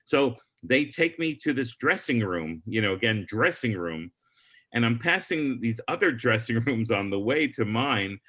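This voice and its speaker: A man's voice: medium pitch, expressive, measured pace, a bit bright. A middle-aged man, a comedian on a podcast telling a long story and acting out the people in it.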